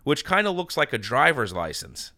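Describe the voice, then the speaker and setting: Bright-voiced man telling a rambling story. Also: mid-range voice, sing-song, moderate pace, dry recording. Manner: rambling storyteller with many restarts and quoted dialogue. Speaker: podcast host. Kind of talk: casual chat.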